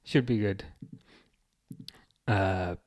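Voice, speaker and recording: A man with a Birmingham accent from the UK hosts a football watchalong livestream, reading out viewer comments in a halting, casual way with many restarts. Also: on the low side, a little mellow. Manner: halting, restarts often, chuckles, reads comments aloud. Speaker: livestream host reading chat.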